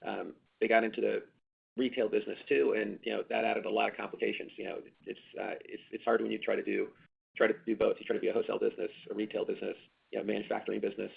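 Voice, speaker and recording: Brief: male exec, very gravelly and husky, repetitive and filler-heavy, tinny phone line. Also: lowish voice, level tone, racing. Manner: rambling, many fillers and restarts, emphatic repetition. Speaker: company executive answering analysts. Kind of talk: earnings call answers.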